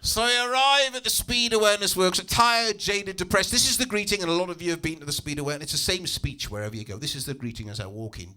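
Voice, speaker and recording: A man performing a stand-up comedy set in a comedy club, telling stories in a lively, exasperated way with asides to the crowd. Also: high-pitched, quick pace, hardly any pauses, slight background noise.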